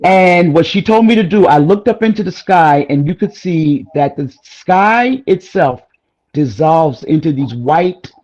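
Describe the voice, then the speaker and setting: A woman guest in a casual chat, telling a personal story in an animated, rambling way with frequent exclamations. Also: fairly low pitch, a little slow, low-quality recording.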